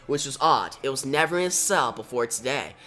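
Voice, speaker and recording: A man's voice: medium pitch, animated, a little fast, bright, forceful tone. A man voicing a smug, callous male doctor villain in a casual comic story retelling. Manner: polite, sly, callous.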